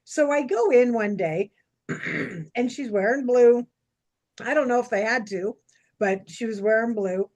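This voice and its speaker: A woman, co-hosting a casual chat and telling stories in a chatty, animated way. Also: fairly high pitch, unhurried, long pauses. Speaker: podcast co-host.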